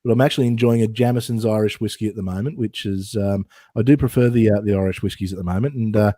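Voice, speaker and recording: A man's voice: on the low side, fairly even intonation, quick pace, mellow, no echo. An Australian man co-hosting a casual livestream chat, joking and teasing in banter. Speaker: co-host.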